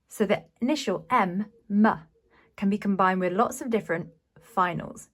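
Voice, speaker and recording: A woman's voice: medium pitch, moderate pace, a bit bright. A woman teaching a beginners' Mandarin lesson, explaining patiently and sounding out syllables with care. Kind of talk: slow, clear language lesson.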